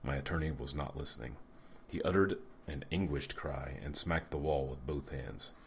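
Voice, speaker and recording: A male narrator reading an audiobook with measured, dry delivery. His voice is extremely low, heavy and deep, and he keeps an even, unhurried tone throughout. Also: creaky, slight background noise.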